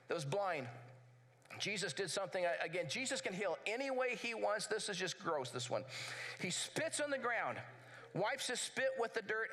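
Male pastor, sermon, high bright voice, lively storyteller. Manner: animated storytelling, conversational.

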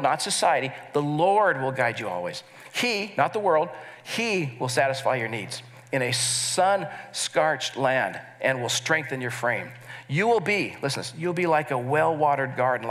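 A man's voice: medium pitch, a bit bright. A middle-aged man preaching a sermon as pastor, earnest, and asking the congregation to repeat key words with him. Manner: earnest, leads the congregation in call-and-response.

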